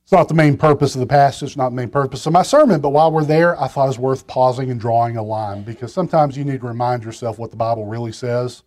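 A man's voice: mid-range voice, fast talker, few pauses, a little mellow. A man preaching a sermon from a pulpit, talking in a conversational way with restarts and side remarks to the congregation. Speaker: pastor.

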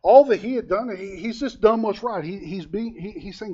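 A man's voice: high-pitched, normal speed, dark tone. A man preaching a conversational sermon, telling stories in a folksy way with frequent hesitations. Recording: dull lo-fi recording.

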